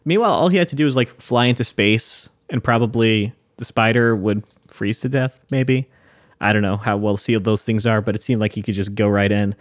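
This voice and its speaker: A man's voice: lowish voice, fairly quick, dry recording. Laid-back man chatting, dry sound. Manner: laughs often, swears casually. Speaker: podcast co-host. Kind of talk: casual chat.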